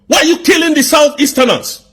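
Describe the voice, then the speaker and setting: A man's voice: extremely high pitch, fairly quick, a bit bright. A man with a Nigerian accent delivering an angry political rant, firing off indignant rhetorical questions. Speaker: commentator.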